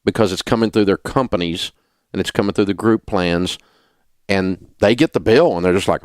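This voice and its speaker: A man's voice: fairly low pitch, normal speed, a little mellow, no echo, studio quality. A middle-aged man hosting a talk radio show, ranting in an indignant, sarcastic way. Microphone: studio mic.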